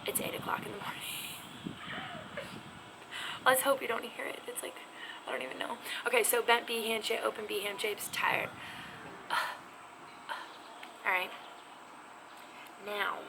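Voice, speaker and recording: Woman doing a chatty sign lesson at home, gravelly voice, kinda noisy recording, slips into whispers. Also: on the high side, normal speed, long pauses. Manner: chatty, self-teasing, drops to whispers. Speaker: sign language teacher. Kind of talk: casual video lesson. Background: neighbor's music faintly heard.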